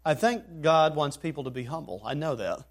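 Higher-voiced man preaching a sermon. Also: animated, moderate pace. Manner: expository preaching, reads scripture aloud, rises in emphasis.

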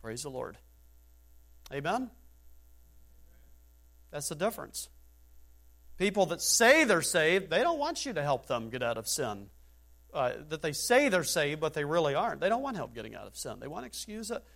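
A male pastor delivers a fervent sermon. His voice sits a little higher than most men's, and he swings between quiet, low asides and raised, pressing exhortation. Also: very animated, normal speed, creaky, long pauses.

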